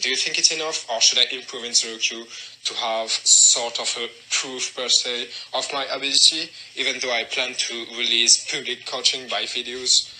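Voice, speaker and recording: A man's voice: mid-range voice, sharp tone, low-quality recording. A man with a French accent, calling in to ask a question, speaking carefully with some hesitation. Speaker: caller. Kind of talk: called-in question.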